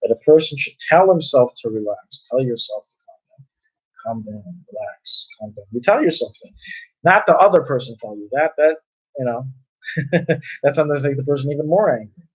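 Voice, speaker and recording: A man giving a relaxed Torah class at a middle pitch, talking it through with everyday examples. He often repeats himself and restarts phrases as he explains. The recording sounds dull and lo-fi. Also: fairly quick, slightly rough. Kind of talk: conversational Torah class lecture.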